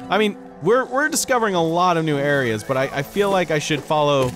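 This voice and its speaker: A young man giving casual, goofy let's play commentary, excitedly talking to the game's characters. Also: fairly high pitch, fairly quick. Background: game music.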